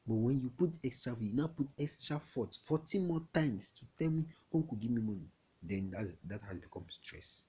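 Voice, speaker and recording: A man's voice: medium pitch, animated, moderate pace, few pauses, mellow, breathy edge. A man with a Nigerian accent teaching an English lesson to young pupils, chatty and often asking if they understand. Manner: chatty, repeats questions to check understanding.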